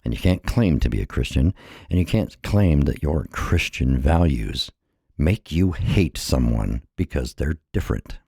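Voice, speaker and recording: A man's voice: rumbling low, lively intonation, measured pace, vocal fry, dark tone, slightly rough, no echo, studio quality. A middle-aged American man, a little out of breath, giving an earnest, impassioned personal monologue that repeats phrases for emphasis. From United States. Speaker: vlogger.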